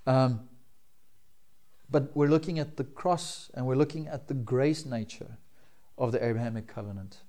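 A man's voice: medium pitch, moderate pace, pauses often, dark tone. A middle-aged man, a pastor, preaching a sermon in a conversational way and often checking in with his listeners.

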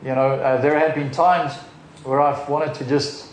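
A man's voice: mid-range voice, fairly even intonation, a little slow, roomy sound, a little hiss or hum, low-quality recording. A male pastor preaching a sermon in a loose, chatty way, full of ums and restarts. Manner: informal, rambling with many fillers.

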